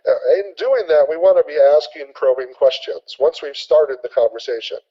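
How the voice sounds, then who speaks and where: This is an energetic man leading a sales training webinar. His voice sits somewhat high, and he repeats his key points. The audio is dull and lo-fi, like an online call. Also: moderate pace. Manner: energetic, repetitive, acts out sample conversations.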